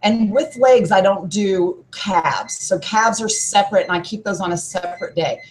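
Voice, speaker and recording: A woman's voice: medium pitch, animated, moderate pace, darkish tone, low-quality recording. Upbeat woman giving gym advice. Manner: upbeat and explanatory, like a coach. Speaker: gym trainer guest. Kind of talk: podcast advice talk.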